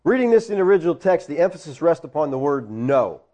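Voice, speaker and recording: Man preacher, high-pitched, emphatic, teaching sermon full of rhetorical questions. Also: sing-song, quick pace, warm tone. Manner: emphatic, rhetorical questions, explains Greek words.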